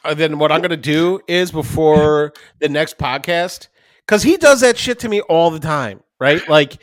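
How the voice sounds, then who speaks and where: A man's voice: fairly high pitch, expressive, moderate pace, no room sound. Restless, rambling male podcast co-host. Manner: rambling, restless, swears casually. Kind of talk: casual chat. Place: at his desk, recording remotely.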